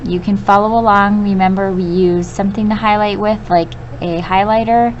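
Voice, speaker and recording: A woman teacher reading a story aloud to children and pausing to explain vocabulary, patient and clear. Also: medium pitch, steady tone, highs cut off, a little hiss or hum.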